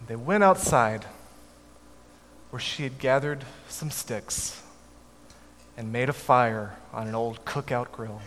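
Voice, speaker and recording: Male storyteller, measured delivery, soft trailing endings, long hall reverb, faint noise. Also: mid-range voice. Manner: measured, dropping softly at line ends. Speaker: speaker telling a family story. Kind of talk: storytelling talk to an audience.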